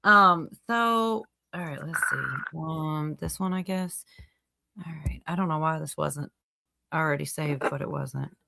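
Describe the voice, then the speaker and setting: A woman's voice: low-pitched, measured pace, creaky, heavy background noise. Chatty woman hosting a livestream. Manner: chatty, reads out viewer comments. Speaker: livestream host. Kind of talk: casual chat.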